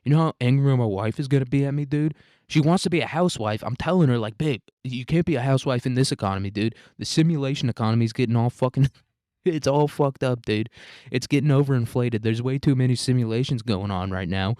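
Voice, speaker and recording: A man's voice: medium pitch, fast talker, darkish tone, dry recording, clean studio sound, voice pushed up, natural voice. A man voicing an overworked male alien programmer who pleads in a frantic, whiny way and says "dude" constantly.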